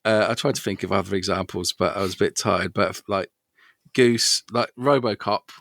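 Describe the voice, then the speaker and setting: A man co-hosting a casual podcast, rambling excitedly about films and laughing often. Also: fairly low pitch, normal speed, vocal fry, no echo, clean studio sound. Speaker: podcast co-host. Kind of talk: casual chat. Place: home podcast setup.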